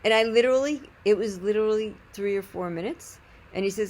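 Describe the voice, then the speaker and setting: A woman telling a personal story in an animated, chatty way with frequent laughter. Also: mid-range voice, fairly quick. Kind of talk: casual storytelling monologue.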